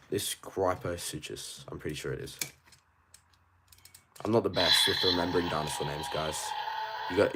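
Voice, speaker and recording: Lively low-voiced Australian man. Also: a little hiss or hum. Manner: rambling and animated, quick asides. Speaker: toy collector streamer. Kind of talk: casual livestream chat, reading viewer questions.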